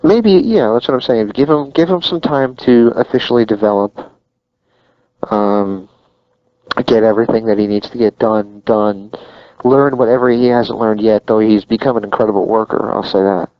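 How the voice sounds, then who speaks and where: A man's voice: fairly low pitch, moderate pace, no room sound. A man chatting casually about wrestling, emphatic and opinionated. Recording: dull lo-fi sound, dry.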